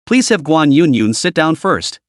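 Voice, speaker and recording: A man's voice: fairly high pitch, very animated, unhurried, dry recording, clean studio sound. A man voicing a stern, cold female university counselor in a story recap, clipped and disdainful.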